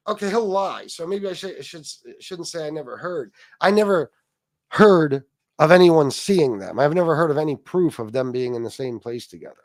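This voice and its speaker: A man's voice: a little high, dry recording, studio quality. A middle-aged man hosting a livestream, ranting and mocking a rival with heavy swearing and asides to viewers. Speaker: livestream host. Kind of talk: casual profane rant.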